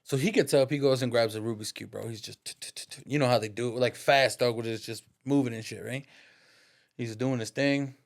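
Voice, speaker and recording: A man's voice: mid-range voice, fairly even intonation, a little fast, creaky. A man in his thirties, a barber, telling a story in a casual, slangy, profane way. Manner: slangy and profane, peppers talk with "dog" and "bro". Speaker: podcast guest, barber.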